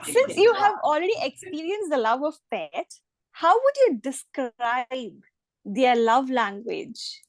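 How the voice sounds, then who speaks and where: A woman hosting a speaking club meeting, slow and deliberate, repeating each prompt. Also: sits high, expressive, no room sound. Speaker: table topics master.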